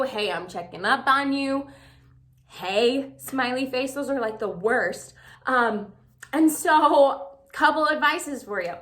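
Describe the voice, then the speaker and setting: A woman's voice: sits high, sharp tone. A young woman vlogger giving breakup advice in a chatty, filler-heavy way, acting out quoted texts. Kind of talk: casual talk to camera.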